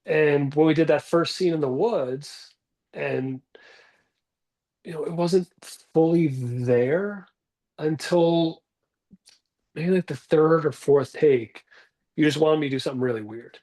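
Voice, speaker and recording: A man's voice: on the high side, slow pace, pauses often, warm tone. A man in his forties telling stories about his acting career in a rambling, self-deprecating way, calling in from his bathroom at home. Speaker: actor guest. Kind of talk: casual interview talk.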